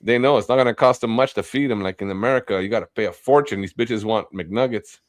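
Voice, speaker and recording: A man's voice: fairly low pitch, quick pace, no room sound. Man, profane rant, taunting, stream guest, dry close sound. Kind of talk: crude casual stream chat.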